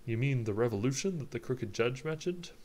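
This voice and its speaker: A man's voice: medium pitch, expressive, a little fast, darkish tone, slight background noise, close to an everyday voice. A man doing a curt bird lawyer. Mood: dignified. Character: proud, touchy male bird lawyer.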